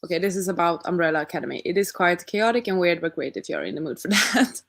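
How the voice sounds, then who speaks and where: A woman's voice: lowish voice, quick pace. A young woman casually chatting with her stream audience, thinking aloud and asking rhetorical questions. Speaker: livestream host reading chat. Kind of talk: casual chat.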